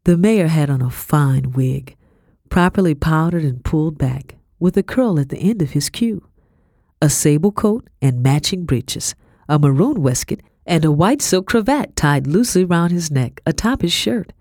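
A woman narrating a historical novel in first person, in a measured storytelling manner. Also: low voice, expressive, mellow, no echo, clean studio sound. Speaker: audiobook narrator.

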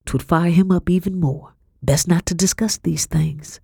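A woman voicing a plainspoken, worldly colonial servant woman who talks in low, folksy tones. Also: moderate pace, gravelly, mellow, breathy edge, dry recording, clean studio sound. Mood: hushed.

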